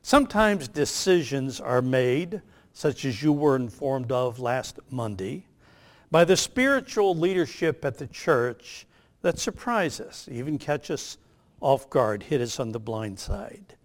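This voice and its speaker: An older man, a pastor, delivering a sermon with emphatic, measured phrasing that slows on key lines. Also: medium pitch, expressive.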